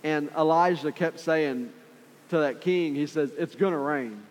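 A man's voice: on the high side, unhurried. A man preaching a sermon with passion, repeating phrases for emphasis and acting out voices from the story. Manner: impassioned, repetitive, acts out quoted voices. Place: church sanctuary. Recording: reverberant hall with faint music.

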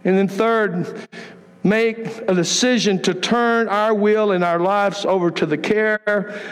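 Pastor, male, high voice, fervent sermon delivery, echoing sanctuary. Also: steady tone, slow pace. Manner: emphatic, impassioned preaching. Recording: long hall reverb.

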